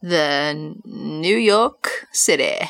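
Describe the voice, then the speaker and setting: A woman's voice: deep voice, animated, very slow, gravelly, fairly bright tone, no echo, studio quality. A woman co-hosting a comedy podcast, reacting to her partner's story with shocked exclamations and laughter. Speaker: podcast co-host. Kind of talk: casual chat, reacting.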